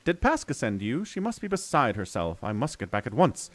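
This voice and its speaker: A man's voice: medium pitch, big pitch swings, brisk, lightly acted. A man voicing an eager, grateful young male dwarf cook in a fantasy game, in a raised voice.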